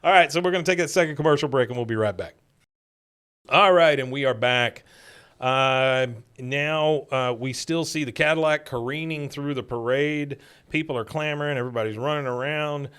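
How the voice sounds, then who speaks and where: A man's voice: medium pitch, moderate pace, fairly bright tone, smooth. A man hosting a podcast, casually retelling a cartoon episode scene by scene with lots of fillers. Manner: loose retelling with many fillers, acting out quoted lines. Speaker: podcast host.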